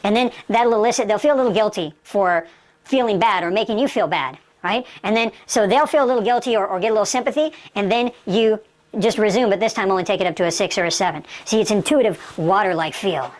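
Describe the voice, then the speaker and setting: A woman's voice: mid-range voice, fast talker. A woman instructor giving an emphatic lesson and acting out sample dialogue. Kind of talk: instructional talk.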